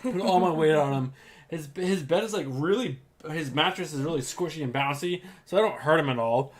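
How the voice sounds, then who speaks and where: A man's voice: on the high side, fairly quick. A man in his thirties co-hosting a casual podcast. He rambles loosely and often restarts his sentences. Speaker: podcast co-host. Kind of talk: casual chat.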